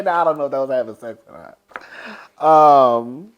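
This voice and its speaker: Animated and a little fast, a man with a mid-range voice reviews a show in casual recap chat. He shares gossip, calls listeners "girl," and often dissolves into laughter.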